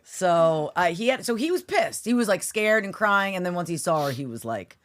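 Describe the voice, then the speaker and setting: A woman in casual podcast chat who tells stories with a lot of feeling. Her pitch swings widely up and down as she talks. She jumps between her own voice and quoted voices. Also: moderate pace, slight background noise. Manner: animated, expressive storytelling. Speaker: podcast co-host.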